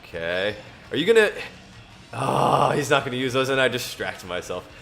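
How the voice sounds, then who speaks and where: A man's voice: mid-range voice, expressive, normal speed, creaky, a bit bright. A man chatting to himself while playing a racing game, laughing often and reading scripture aloud in between. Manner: self-amused, laughs often, talks to himself. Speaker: gamer. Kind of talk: casual gaming commentary mixed with scripture reading.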